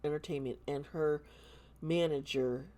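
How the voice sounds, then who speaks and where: A woman with a low voice talks slowly and earnestly to her viewers in a casual vlog. She often pauses, hesitates and restarts her sentences as she goes. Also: steady tone, mellow. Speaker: tarot channel host.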